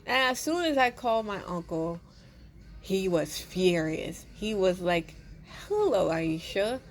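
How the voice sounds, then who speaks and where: A woman's voice: mid-range voice, unhurried. A young woman casually telling a personal story, rambling and restarting her sentences often. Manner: rambling, with many restarts and repeated words.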